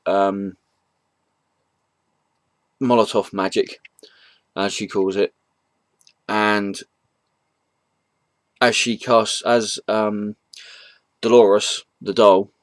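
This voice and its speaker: A man with a lowish voice talks through a comic book's plot in an easygoing, meandering way. He stops often on ums and restarts, and chuckles at the gags he retells. The sound is close and dry. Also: no room sound. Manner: rambling, hesitant retelling with frequent ums. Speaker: comic book reviewer. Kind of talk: casual spoken review.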